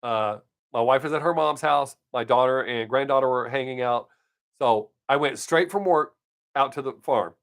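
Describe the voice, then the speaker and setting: A man's voice: medium pitch, moderate pace, a bit bright. A middle-aged man hosting his live stream, telling everyday stories in a casual, blunt way with swearing and frequent chuckles. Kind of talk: casual storytelling chat.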